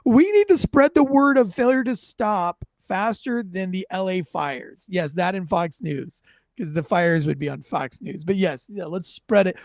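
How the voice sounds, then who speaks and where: A middle-aged man hosting a casual commentary show, reacting to police footage in a blunt, profane, animated way. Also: high voice, dry recording, clean studio sound.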